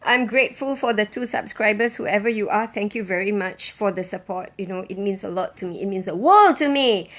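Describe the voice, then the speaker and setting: A woman who has not slept, chatting on a live stream in a bubbly, effusive way and squealing with excitement. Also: a little high. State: sleepless. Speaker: online business owner. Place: in Singapore.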